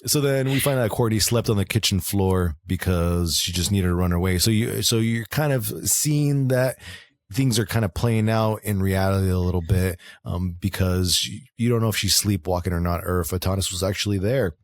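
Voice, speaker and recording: A man's voice: sits low, moderate pace, no room sound, clean studio sound. A man co-hosting a podcast, recapping a horror film in casual chat, swearing freely and laughing often. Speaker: podcast co-host. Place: moved to Southern California.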